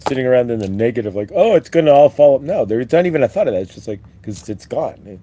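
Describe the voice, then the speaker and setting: A man's voice: mid-range voice, animated, very fast, warm tone, slight background noise. A man hosting a live-stream spiritual talk, rambling and upbeat as he leads repeat-after-me affirmations. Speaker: host.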